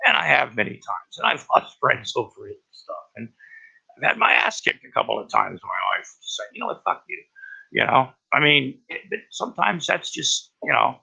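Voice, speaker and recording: Gravelly man with a tense, sharp edge; halting, profane rambling, lo-fi recording. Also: medium pitch, huge pitch swings. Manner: halting, profane, many restarts. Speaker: vlogger. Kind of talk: rambling personal monologue. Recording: dull lo-fi recording.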